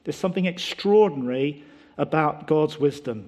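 Emphatic male preacher, slightly high voice. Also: lively intonation, measured pace, darkish tone. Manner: emphatic, rhetorical questions, explanatory. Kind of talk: sermon.

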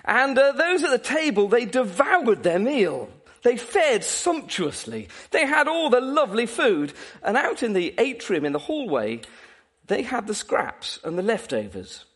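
A man preaching a sermon in an animated, playful way, often laughing. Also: extremely high pitch, measured pace, husky.

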